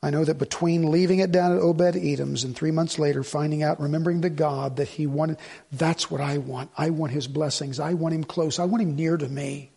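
A man's voice: a little high, fairly quick, creaky, husky. A man preaching as a pastor, telling stories animatedly and acting out both sides of a conversation. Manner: animated storytelling, acting out dialogue. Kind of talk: sermon.

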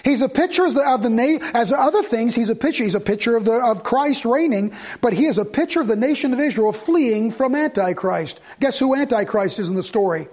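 High-voiced preacher asking rhetorical questions. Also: male voice, expressive, fairly quick, hardly any pauses, darkish tone. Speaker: pastor. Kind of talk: sermon.

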